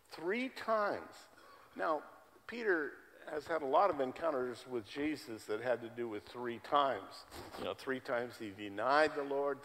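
A male pastor preaching a sermon to a congregation in a church, emphatic and repeating key words for stress. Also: mid-range voice. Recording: long hall reverb.

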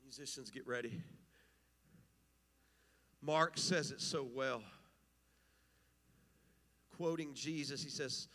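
A man's voice: medium pitch, slow pace, long pauses, bright, forceful tone, big-room sound. A man preaching an impassioned, emphatic sermon as pastor, rising and falling in intensity.

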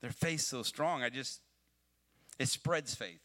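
Bright-voiced man preaching a livestream sermon. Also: animated, slow pace. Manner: conversational preaching that swells to emphatic, pleading highs. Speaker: pastor. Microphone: livestream mic.

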